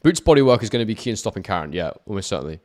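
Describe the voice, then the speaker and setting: Male boxing YouTuber, casual live commentary, chats to his viewers, quick punch-by-punch calls. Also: fairly low pitch, big pitch swings. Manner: chatty, answers viewer chat, quick play-by-play. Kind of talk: live watch-along commentary.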